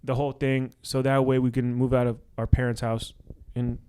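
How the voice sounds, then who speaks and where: A young man co-hosting a podcast in casual, joking chat, full of quick restarts. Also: medium pitch, little pitch movement, warm tone, clean tone. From Washington D.C. area. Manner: hyped, joking, talks fast with restarts. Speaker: podcast co-host.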